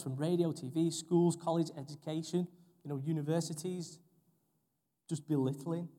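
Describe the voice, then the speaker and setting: A man's voice: on the high side, dark tone. A young man preaching a sermon in a church, earnest and repeating phrases for emphasis. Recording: long hall reverb.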